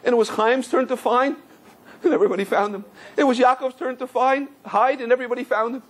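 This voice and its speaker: A man's voice: very high voice, steady tone, fast talker, pitched above the performer's own voice. A man voicing a young boy who weeps as he tells how nobody looked for him. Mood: tearful. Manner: tearful, plaintive. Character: weeping young boy left unfound.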